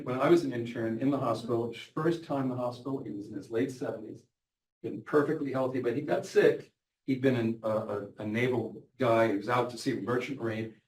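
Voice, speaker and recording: An older physician, telling anecdotes about patients and quoting them in lively voices. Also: male voice, medium pitch. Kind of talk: storytelling talk. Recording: echoey room, from a distance.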